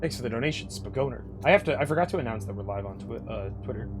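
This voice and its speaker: Excitable male streamer with a bouncy voice. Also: medium pitch, racing, over music. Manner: excitable, swears, swings from loud bursts to mutters. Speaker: streamer and game host. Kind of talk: casual streaming and reading AI-generated story aloud.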